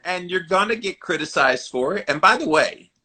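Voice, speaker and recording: A man with a Southern American accent hosting a podcast interview, giving earnest, animated advice. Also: sits high, normal speed. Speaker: podcast host. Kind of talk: conversational interview.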